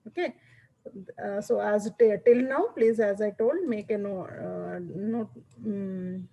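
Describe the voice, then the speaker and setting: A woman's voice: fairly high pitch, warm tone, breathy edge, poor audio. Woman lecturer explaining step by step. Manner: explains step by step, checks understanding often. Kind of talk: classroom lecture.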